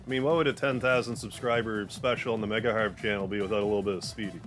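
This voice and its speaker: A man hosting a gaming livestream, chatting loosely while playing and cooing softly at his cat. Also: fairly low pitch, steady tone, quick pace. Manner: rambling, loose, full of "like"; softens to a coo when talking to his cat. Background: game music.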